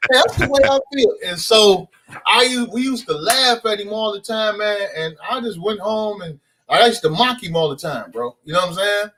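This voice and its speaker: Guest comedian, man, high voice, slangy animated storyteller. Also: moderate pace, a little hiss or hum. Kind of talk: casual podcast storytelling.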